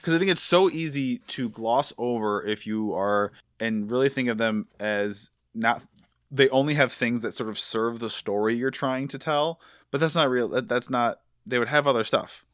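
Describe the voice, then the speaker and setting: A man's voice: mid-range voice, moderate pace, a bit bright, dry recording, studio quality. A man hosting a podcast interview, chatting enthusiastically with filler words. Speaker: podcast host. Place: podcast studio.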